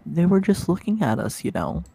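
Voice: mid-range voice, very animated, normal speed, gravelly, mellow, breathy edge, soft background music, full character voice. A player voicing a cat-eared shrine maiden from a visual novel, reading her lines aloud. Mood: eager.

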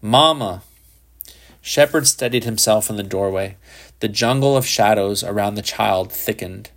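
A male narrator reads a literary short story in a measured, even delivery. His voice sits fairly low and stays steady through the telling. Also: vocal fry. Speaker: audiobook narrator.

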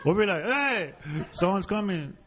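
A man's voice: sits high, expressive, moderate pace, a bit bright, slight background noise. A Mexican-American man doing a brash, profane stand-up comedy set on a club stage before a live audience. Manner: profane, brash punchline delivery.

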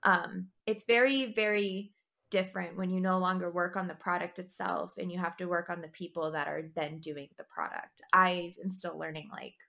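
Blunt, bright-voiced woman swearing casually. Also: fairly low pitch, moderate pace, gravelly. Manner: blunt, swears freely, animated. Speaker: new manager. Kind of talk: casual chat.

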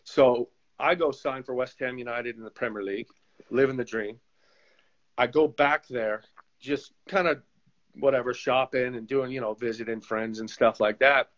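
A man, a former goalkeeper turned coach, telling animated stories in a casual interview and acting out the voices of people he quotes. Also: medium pitch, normal speed. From United States. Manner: animated storyteller who acts out quoted voices. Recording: slightly dull lo-fi sound.

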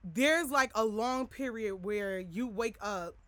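A woman's voice: a little high, takes it slowly, fairly bright tone, no echo. A young adult woman hosting a podcast, talking candidly and casually to her listeners in a rambling way with many filler words. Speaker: podcast host. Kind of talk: candid personal talk to listeners.

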